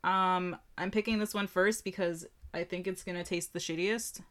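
A woman co-hosting a casual chat, chiming in with quick, wry remarks and some swearing. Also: on the low side, fairly even intonation, fairly bright tone. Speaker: co-host.

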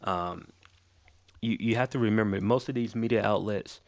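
Podcast host, male, lowish voice, dry close sound, relaxed advice-giving with lots of ums. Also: normal speed, no room sound. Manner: loose and conversational, many ums and restarts. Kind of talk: casual advice talk.

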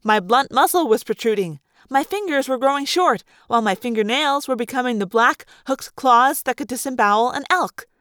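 A woman reading a first-person story aloud with animated, dramatic expression. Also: sits high, moderate pace, few pauses, dry recording, clean studio sound. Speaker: audiobook reader.

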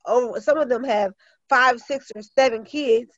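A woman's voice: on the high side, normal speed, a bit bright, dry recording, dull audio. A woman teacher and author talking earnestly in an interview, with many fillers and restarts. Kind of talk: casual interview talk.

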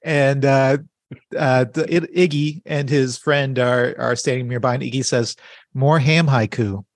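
A man co-hosting a podcast, leading the chat in a laid-back, halting way with fillers. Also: medium pitch, little pitch movement, no room sound, studio quality. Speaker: podcast co-host.

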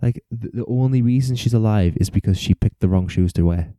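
A man with a low, very dark and mellow voice hosts a casual true-crime podcast. He rambles, laughs often and swears casually. The sound is dry and close, with no room echo. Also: a little fast. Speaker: podcast host.

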